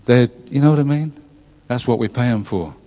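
A man's voice: mid-range voice, fairly quick, mellow, long reverb tail. A middle-aged man preaching a conversational sermon, often turning questions to his listeners. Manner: chatty, asks the congregation questions, laughs at his own jokes. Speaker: pastor. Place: church.

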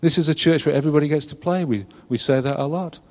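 A man's voice: a little high, fast, darkish tone, long reverb tail. A middle-aged man preaching a conversational sermon, often turning questions to his listeners. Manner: chatty, asks the congregation questions, laughs at his own jokes. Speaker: pastor. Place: church.

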